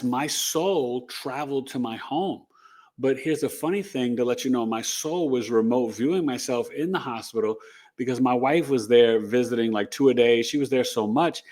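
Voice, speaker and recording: A middle-aged man, an astrologer, tells a personal story as an interview guest, animated and rambling, with lots of "you know" and "right?". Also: medium pitch, normal speed. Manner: animated, re-enacts dialogue in the telling.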